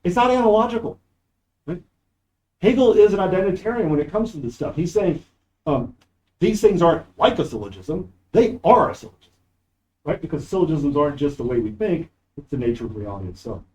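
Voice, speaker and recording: Guy lecturing philosophy in a classroom, mellow dark voice, keeps stressing points, no real mic. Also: on the high side, animated, a little fast, low-quality recording. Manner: discursive, emphatic, reads quoted passages aloud. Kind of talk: university lecture. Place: university classroom. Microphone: no microphone, audio cleaned up after.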